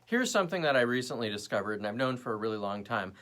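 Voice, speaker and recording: A young man hosting his own commentary show, ranting with sarcastic edge. His voice is bright and forceful, and his pitch swings widely as he rants. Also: big pitch swings, quick pace. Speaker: host. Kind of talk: casual political commentary.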